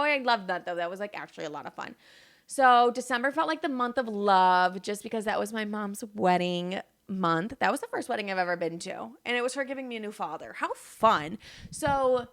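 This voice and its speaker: A young woman vlogging from her apartment, telling stories in a chatty, profane, animated way with plenty of fillers. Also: medium pitch. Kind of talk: casual storytime chat.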